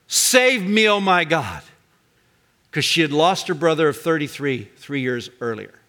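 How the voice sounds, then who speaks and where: An older pastor delivering a sermon in a high, bright voice. He speaks emphatically and swings up into loud, ringing cries on the words he wants to land.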